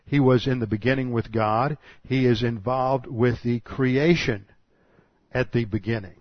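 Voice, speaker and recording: A man's voice: mid-range voice, no room sound. A man from the United States teaching a Bible passage verse by verse, explaining carefully and often restarting his sentences. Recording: dull, dry recording.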